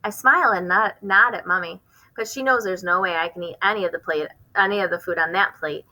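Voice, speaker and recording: A woman reading a children's novel aloud, expressive, with occasional stumbles and rereads. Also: lowish voice, a little fast, poor audio. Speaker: reader hosting a book channel.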